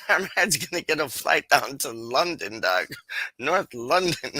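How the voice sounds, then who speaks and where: Hosting a live stream, a man with a slightly high voice chats casually and reads viewer comments aloud, slangy and animated, with frequent laughs and recurring catchphrases. He speaks slowly with long pauses, and the audio is poor with no room sound.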